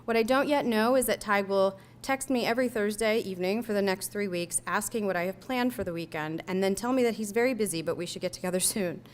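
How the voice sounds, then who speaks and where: A young woman reading her own personal essay aloud, telling it in a measured, reflective way. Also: mid-range voice, a little hiss or hum. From United States.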